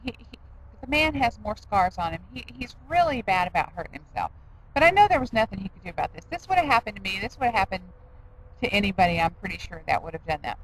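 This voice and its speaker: A woman's voice: medium pitch, sing-song, fast talker, fairly bright tone, a little hiss or hum, rough recording. A middle-aged woman rambling in a casual vlog, self-deprecating with laughing asides. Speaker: diet vlogger.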